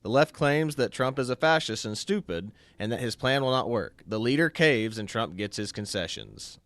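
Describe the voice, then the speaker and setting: Male co-host, mid pitch, smooth resonant voice, dry sound, presents posts casually. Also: lively intonation, normal speed, a bit bright, dry recording. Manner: walks through posts on screen, casual. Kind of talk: casual political chat.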